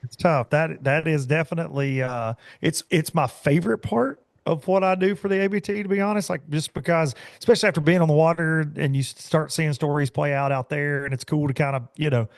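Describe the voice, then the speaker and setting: A man's voice: on the high side, a little fast, gravelly, hardly any pauses, dry recording, studio quality. A man, chatting casually and joking as a podcast guest. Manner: easygoing, joking, chuckles often.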